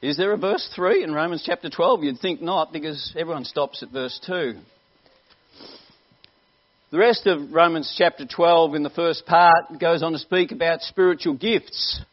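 A man preaching a lively storytelling sermon to a congregation, joking and teasing his listeners as he goes. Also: a little high, moderate pace. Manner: animated, joking, teasing the audience. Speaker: evangelist preacher. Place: church hall before a congregation. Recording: dull lo-fi live sermon recording.

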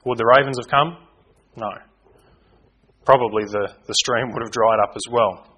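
Guy giving a laid-back bible sermon, mid pitched voice, fixes his own slips as he goes. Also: fairly even intonation, moderate pace, sharp tone, slightly rough, lo-fi sound. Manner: informal, self-correcting, loses his place in his notes. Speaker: preacher.

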